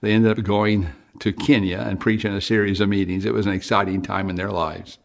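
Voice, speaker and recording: A man's voice: lowish voice, flat delivery, brisk, creaky. An older man preaching an evangelistic sermon, with earnest, pleading appeals to the listener. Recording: music playing behind.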